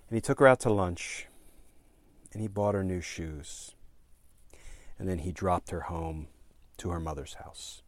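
Man in his fifties, deep voice, earnest and halting, dry close sound. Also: no echo. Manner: earnest, halting delivery with fillers and emphatic repetition. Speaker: former prosecutor. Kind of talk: storytelling commentary.

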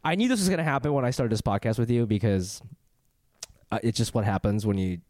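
A man's voice: medium pitch, fast, darkish tone, dry recording, clean studio sound. A man hosting a comedic podcast, joking and rambling, often breaking into laughter. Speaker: podcast host. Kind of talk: casual comedic podcast chat.

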